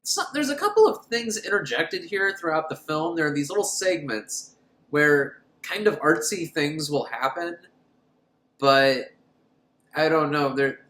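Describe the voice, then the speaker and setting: A man's voice: a little high, animated, a little slow, bright, forceful tone, echoey room. A man recapping a horror film in a crude, sarcastic way, laughing at his own jokes. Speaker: film reviewer. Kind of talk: casual comedic movie recap.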